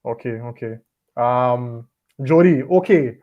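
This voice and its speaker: Man, football host, relaxed, repeats himself, muffled sound. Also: mid-range voice, takes it slowly. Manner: relaxed, repeats words while gathering thoughts. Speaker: podcast host. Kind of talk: casual football chat. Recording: dull lo-fi audio.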